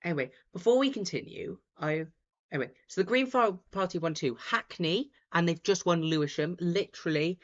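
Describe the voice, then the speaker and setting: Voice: medium pitch, animated, normal speed. A host giving casual, rambling live commentary from home, with many fillers and restarts. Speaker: host of a live results stream. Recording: dull lo-fi sound.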